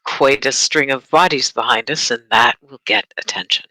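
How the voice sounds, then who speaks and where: A player in a tabletop horror campaign, talking in character in a measured, formal way. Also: medium pitch, pushed and bright, no echo, low-quality recording. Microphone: desk mic for an online stream.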